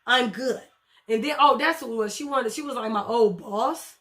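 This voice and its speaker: A woman's voice: fairly high pitch, normal speed, fairly bright tone. A woman recapping a TV episode in casual chat, blunt and profane, talking back to the characters as she goes. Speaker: TV show reviewer.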